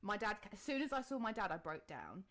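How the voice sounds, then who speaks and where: A woman in her thirties from England, co-hosting a relaxed podcast, talking at an ordinary pitch. She tells a long personal story, playing out her own reactions along the way. She swears casually as she goes. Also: a little fast. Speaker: podcast co-host. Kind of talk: casual chat.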